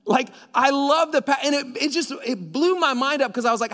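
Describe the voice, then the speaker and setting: High-voiced pastor in a reverberant hall. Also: male voice, fairly quick, few pauses. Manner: conversational, storytelling, animated with asides. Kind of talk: sermon. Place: church auditorium.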